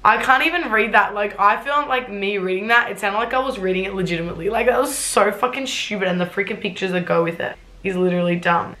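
A woman's voice: medium pitch, fast talker, hardly any pauses, bright, forceful tone. A woman, reacting bluntly and sarcastically on a casual vlog and swearing freely. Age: 20s. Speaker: YouTuber. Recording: roomy echo.

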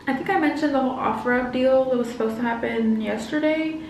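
A woman's voice: fairly high pitch, moderate pace, a little mellow, very echoey, recorded from a distance, a little hiss or hum, low-quality recording. A young woman of about twenty vlogging casually, slangy and chatty, with a slight lisp from wearing retainers. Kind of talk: casual vlog chat to camera.

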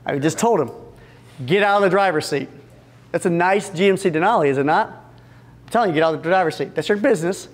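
A man speaking to a live audience of fence business owners at a retreat, energetic and joking as he addresses the room directly and acts out little scenes. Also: sits high, a little fast. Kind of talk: business seminar talk.

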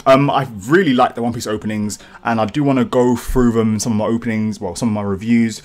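A man hosting a live manga reaction, excitable and rambling with casual swearing, feeling a bit sick and clearing his throat. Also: mid-range voice, quick pace. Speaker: channel host.

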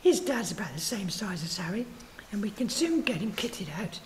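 Cheeky young forger guy, woman putting him on, breezy and reassuring, lively up and down. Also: medium pitch, normal speed, slight background noise, natural voice.

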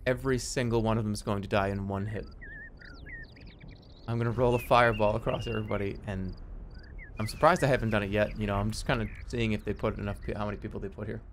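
A man casually commentating his own game live, excitable and joking, swearing freely. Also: lowish voice, slight background noise. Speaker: streamer playing a strategy game.

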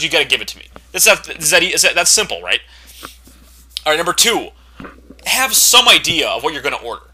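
A man in his twenties rants straight to camera, his voice bright and cutting. He sits a touch high for a man and swears freely. His exasperation keeps climbing into loud, fed-up outbursts. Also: big pitch swings, fairly quick, pauses often, poor audio. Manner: profane, exasperated, building to angry shouting. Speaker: vlogger. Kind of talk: ranting monologue to camera.

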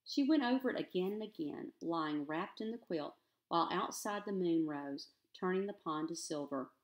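A woman teacher reading a children's novel aloud in an expressive, steady storytelling manner. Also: lowish voice, normal speed.

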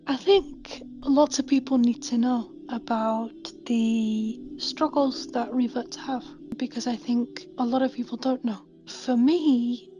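A woman with a stammer, candidly telling her own story in an interview and acting out past conversations. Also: fairly high pitch. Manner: candid, animated retelling of conversations. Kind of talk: personal testimony interview.

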